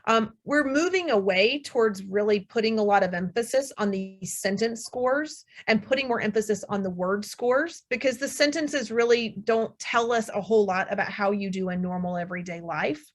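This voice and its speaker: A woman's voice: mid-range voice, normal speed, few pauses. A middle-aged woman audiologist giving a webinar presentation, explaining steadily and reassuringly with frequent ums. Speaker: audiologist lecturer. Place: room with air conditioner hum.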